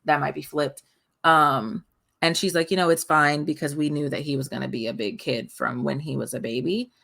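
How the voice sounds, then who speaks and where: A woman's voice: fairly even intonation, normal speed, gravelly, a bit bright. A woman in her thirties co-hosting a podcast, chatting candidly and casually. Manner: candid, chatty, often quotes her toddler in a high voice. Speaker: podcast co-host.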